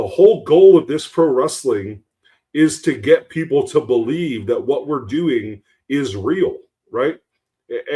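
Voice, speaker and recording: A man co-hosting a podcast, with a voice of average pitch. He tells a story earnestly and rambles a little, often restarting his sentences. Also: dark tone. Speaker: podcast co-host.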